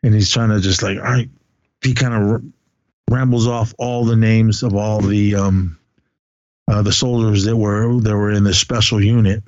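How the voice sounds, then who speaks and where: A man's voice: lowish voice, steady tone, moderate pace, a little mellow, no echo, highs cut off. A man casually recapping a movie in a rambling way, with lots of fillers and swearing.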